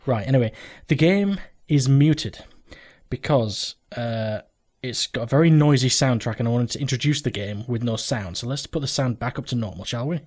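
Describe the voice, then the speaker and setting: A man's voice: mid-range voice, moderate pace, a little mellow. A man hosting a let's play from home, rambling through game commentary, joking and swearing casually as he goes.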